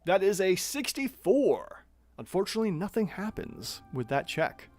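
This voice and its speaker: A man's voice: sits high, big pitch swings, moderate pace, darkish tone, soft background music. A man narrating a tabletop monster battle as game master, chatty and thinking aloud as he checks the rules.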